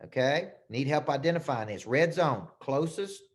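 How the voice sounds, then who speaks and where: A man's voice: on the high side, animated, moderate pace. A man, a business coach teaching a live webinar over a computer mic, getting worked up and repeating phrases for emphasis.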